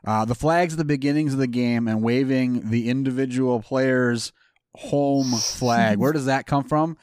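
A man's voice: medium pitch, unhurried, a little mellow, smooth, no echo, clean studio sound. A man hosting a casual group chat, enthusiastic and laughing often as he tells stories. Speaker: podcast host.

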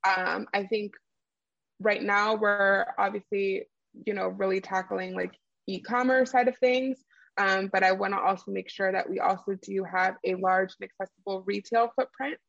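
A woman's voice: mid-range voice, fairly even intonation, moderate pace, gravelly, fairly bright tone, no echo, lo-fi sound. A woman who founded a skincare brand, explaining her products in an interview with lots of fillers and easy laughs. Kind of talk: conversational interview answers.

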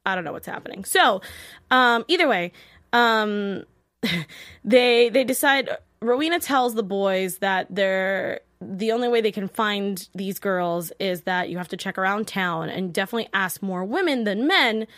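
A woman hosting a casual TV episode recap, chatty and animated, often acting out characters' lines. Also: mid-range voice, unhurried, no room sound, clean studio sound. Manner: chatty, peppered with "like". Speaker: host.

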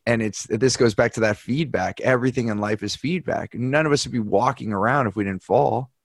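A man's voice: medium pitch, fairly quick, no room sound. Rambling storyteller man, dry sound. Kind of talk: casual conversation.

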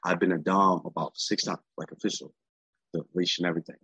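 A man's voice: deep voice, steady tone, fairly quick, bright, forceful tone, breathy edge, dry recording, rough recording. A man talking as a guest in a candid, casual interview, streetwise and profane, rambling and often saying "you know what I'm saying".

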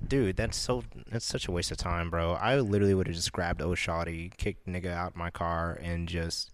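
A man's voice: sits low, steady tone, moderate pace, slight background noise. A young man in casual podcast chat, reacting bluntly and easygoing in slangy talk.

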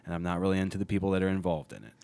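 A man's voice: low voice, racing, vocal fry, darkish tone, clear, resonant tone, no echo. A man hosting a podcast in casual chat, rambling and restarting his sentences often. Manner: rambling, self-interrupting, many restarts. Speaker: podcast host.

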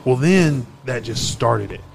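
A man's voice: medium pitch, unhurried, gravelly, a little hiss or hum. A young man telling rowdy stories in casual chat, swearing freely and acting out what people said. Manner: profane, animated storyteller acting out quotes. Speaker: podcast host.

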